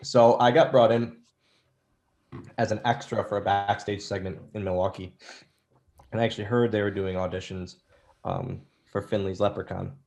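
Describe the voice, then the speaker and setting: A man in his thirties speaks in a fairly low voice, recounting his career in a relaxed interview. He tells it as anecdotes, slipping into quoted lines from the people involved. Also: moderate pace, creaky, pauses often. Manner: animated storyteller, acts out quoted lines. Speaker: interview guest, former wrestler. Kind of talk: casual storytelling interview.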